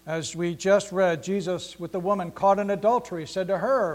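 A man with a high-pitched voice reads scripture and preaches to his congregation. His delivery is earnest and emphatic, and he returns again and again to his key lines. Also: normal speed. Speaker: pastor. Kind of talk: scripture reading and sermon.

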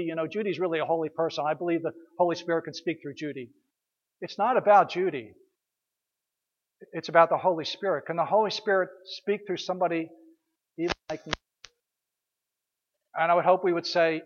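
A man's voice: on the high side, normal speed, long pauses, muffled recording. A man preaching a conversational sermon as pastor, telling stories, repeating his words and asking rhetorical questions.

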